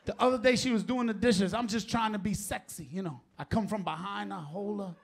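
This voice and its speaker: A middle-aged man with a New York accent doing a profane stand-up set on a live stage, often shouting his punchlines and laughing through the bits. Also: high-pitched, fairly quick, creaky, husky. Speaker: stand-up comedian. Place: live comedy stage before an audience.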